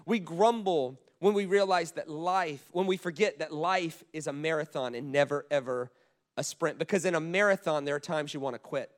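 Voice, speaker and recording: A man's voice: fairly high pitch, moderate pace. A man preaching a sermon, talking in a loose conversational way with frequent restarts and asides to the congregation. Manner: animated, repeats words, conversational asides. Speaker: pastor.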